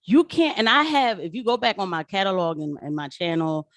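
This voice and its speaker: A woman's voice: medium pitch, a little fast, no room sound, clean studio sound. A woman talking casually to viewers on a livestream, chatty and slangy, drifting between asides and opinion. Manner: chatty, slangy, animated, addresses viewers as y'all. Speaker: political commentator livestreaming.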